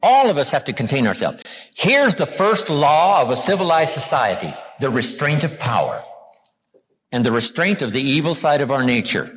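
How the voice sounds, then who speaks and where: An older American man, a motivational speaker, giving a live seminar lecture to an audience, asking rhetorical questions and repeating key words with slow, drawn-out emphasis. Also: mid-range voice, big pitch swings, a bit bright, husky. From United States. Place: large hall with a live audience. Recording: live hall recording with long reverb.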